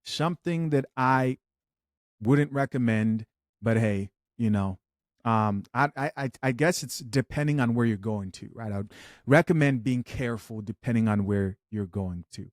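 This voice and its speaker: A man hosting a reaction commentary, talking in a measured, hedging way with disclaimers. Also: medium pitch, dry recording, studio quality. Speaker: commentary host.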